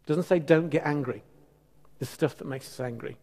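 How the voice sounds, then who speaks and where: A man preaching a sermon as pastor, emphatic and animated with conversational asides. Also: on the high side, moderate pace, breathy edge. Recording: long church hall reverb.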